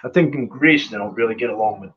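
A man's voice: mid-range voice, quick pace, muffled recording. A man who sings in a punk band, telling road stories as an interview guest, swearing constantly and full of fillers. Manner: profane, rambling storyteller with frequent fillers. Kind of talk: casual storytelling interview. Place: remote live stream call.

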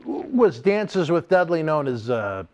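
Interviewer guy, high voice that jumps around, short questions. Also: big pitch swings, takes it slowly, dull audio. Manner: brief prompting questions.

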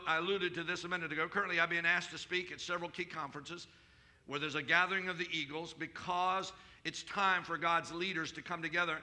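A man preaching a sermon as pastor, calling out to his congregation with questions and rising to shouted declarations in prayer. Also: high-pitched. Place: church service.

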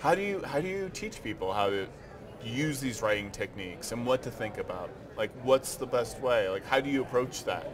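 A man's voice: mid-range voice, lively intonation, moderate pace, crowd noise. A man interviewing game writers in a casual, chatty way, laughing easily and stressing points with emphatic asides.

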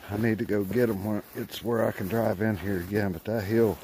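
A man's voice: fairly low pitch, steady tone, a little fast, warm tone, slight background noise. A man walking his trapline in the woods, talking to himself in a folksy way and a bit winded from the climbing. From West Virginia. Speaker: trapper vlogger. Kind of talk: walking outdoor vlog. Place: woods outdoors.

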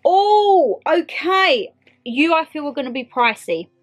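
A young British woman chatting excitedly to viewers and to her clothes in a casual haul video. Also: high voice, slow, faint music behind. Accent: British English. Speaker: vlogger. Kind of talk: casual try-on haul chat.

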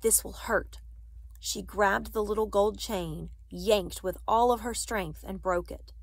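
A woman reading a children's novel aloud in a measured, expressive way. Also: mid-range voice, creaky, breathy edge. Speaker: audiobook reader.

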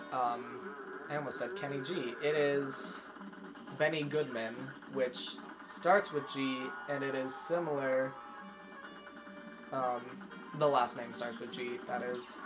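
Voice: mid-range voice, slow, low-quality recording. A gaming channel host giving casual, rambling let's-play commentary, easily distracted and given to humming tunes aloud. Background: video game music.

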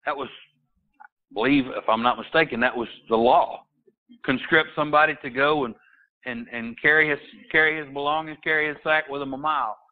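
A man's voice: mid-range voice, steady tone, brisk. A man preaching a sermon as a pastor, rising into emphatic bursts and quoting scripture in old-fashioned wording. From Texas. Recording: tinny phone-line sound.

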